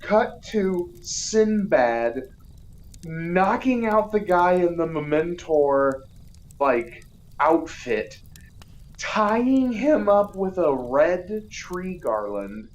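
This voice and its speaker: A woman speaking in an unhurried, drawn-out way and chatting casually as a podcast co-host. Her voice sits a little low for a woman, and she fills her talk with "like" and swears freely. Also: big pitch swings, darkish tone, highs cut off. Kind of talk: casual movie recap chat.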